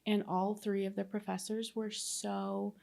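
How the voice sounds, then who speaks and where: A chatty woman in her thirties from Texas, a guest telling her story in a casual interview. Her pitch stays fairly level and even, with little rise and fall, and she strings her thoughts together with plenty of fillers. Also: a little slow, gravelly. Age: 30s. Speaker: guest, ICU nurse.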